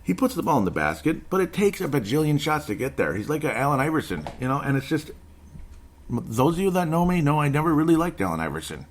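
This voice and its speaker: A man's voice: on the high side, very animated, fast talker. A man in his forties hosting a basketball show, ranting sarcastically about a game in casual commentary. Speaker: basketball podcast host.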